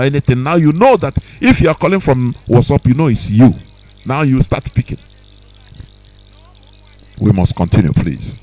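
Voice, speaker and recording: A man runs a live call-in radio program in a dark, mellow voice. He talks sternly to his callers, repeating words and lecturing them on manners. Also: medium pitch, very animated, moderate pace, poor audio. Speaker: radio host.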